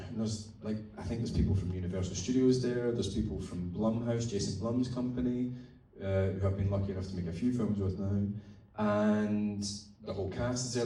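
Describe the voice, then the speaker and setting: An actor telling chatty, swearing, laughing stories at a festival talk, heard from the audience. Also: male voice, on the low side, mellow. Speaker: actor guest. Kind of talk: onstage festival interview. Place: festival event hall. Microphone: audience phone far from stage. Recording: echoey hall recorded from far off in audience.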